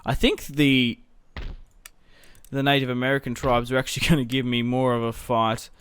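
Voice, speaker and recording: Young male let's-player, smooth voice, dry close sound, musing as he plays. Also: mid-range voice, flat delivery, fairly bright tone, no echo. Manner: thinking aloud, musing and unhurried. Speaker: gaming video host. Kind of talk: casual strategy game commentary.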